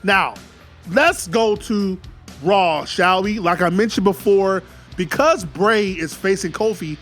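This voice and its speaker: A man excitedly retelling an imagined wrestling match play by play, calling out the moves and the pin counts. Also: high voice. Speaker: YouTube wrestling commentator.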